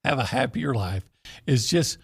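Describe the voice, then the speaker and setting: Gravelly-voiced male radio co-host. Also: mid-range voice, lively intonation, fairly bright tone, no room sound, studio quality. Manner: measured, teasing, with playful put-on quotes. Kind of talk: sports talk radio chat. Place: radio studio.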